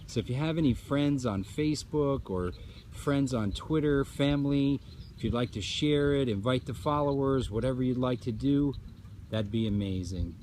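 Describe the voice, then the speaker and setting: A man's voice: mid-range voice, moderate pace, a little mellow, a little hiss or hum. Upbeat man streaming a sunset outdoors. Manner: upbeat, effusive, reads out viewer comments. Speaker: livestream host. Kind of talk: casual live-stream chat. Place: outdoors at a nature preserve at sunset.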